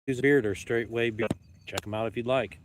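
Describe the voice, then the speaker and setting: A man's voice: mid-range voice, fairly even intonation, brisk, slight background noise. A man talking casually on his video channel, a playful, rambling showman joking to the camera outdoors. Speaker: YouTube vlogger. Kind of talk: casual joking vlog talk. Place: outdoors at dusk with dogs around.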